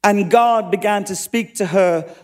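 A man preaching from the pulpit, telling personal stories with earnest conviction. His voice sits noticeably high for a man. The sound carries a long reverb, as in a large hall. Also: measured pace. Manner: earnest, story-telling with quoted dialogue. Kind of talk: sermon storytelling.

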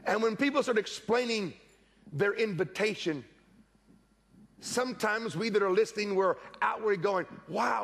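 A middle-aged man preaching a sermon in church, telling lively stories and acting out the voices of the people in them. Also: sits high, vocal fry, slightly rough. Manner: animated storytelling preacher, acts out quoted voices. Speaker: pastor.

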